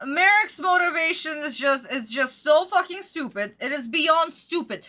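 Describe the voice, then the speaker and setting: High-pitched ranting woman streamer. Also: expressive, moderate pace, hardly any pauses, bright, forceful tone. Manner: exasperated, swears a lot, rants at the screen. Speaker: streamer reacting to an anime episode. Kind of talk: casual live reaction rant.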